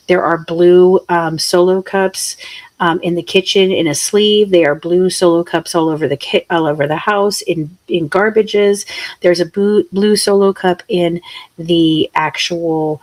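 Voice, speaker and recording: Female true crime host, lower voice, animated and incredulous, fires off rhetorical questions. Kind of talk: true crime commentary video.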